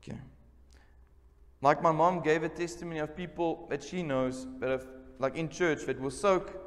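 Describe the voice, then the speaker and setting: A man's voice: fairly high pitch, steady tone, moderate pace. Male pastor, raised voice, emphatic sermon delivery with call-outs to the congregation, long church-hall reverb. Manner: emphatic, repeats key words, calls for responses. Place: church service.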